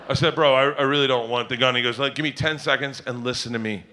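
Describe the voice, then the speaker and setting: A man's voice: medium pitch, fast, hardly any pauses, a little hiss or hum. A middle-aged man telling rowdy, laugh-filled stand-up stories. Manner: animated, rowdy, laughs often mid-story. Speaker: comedian. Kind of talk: stand-up storytelling.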